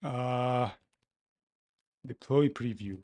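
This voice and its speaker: A man talking to himself as he codes, complaining loudly, then explaining each step casually. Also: medium pitch, drawn-out words. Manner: exasperated, talks to himself while coding. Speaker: developer livestreaming his coding. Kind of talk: casual coding commentary.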